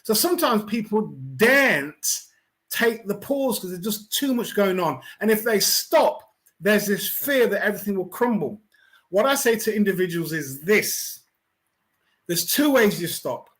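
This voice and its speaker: Unhurried middle-aged man, higher voice. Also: expressive, fairly bright tone. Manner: unhurried, conversational, with many fillers and restarts. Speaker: host of a weekly online talk. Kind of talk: reflective pastoral talk to camera.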